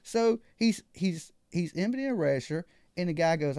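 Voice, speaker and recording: A man's voice: a little high, animated, normal speed, gravelly, dark tone, dry recording, clean studio sound. A man hosting a live call-in show, telling a story casually and acting out other people's lines.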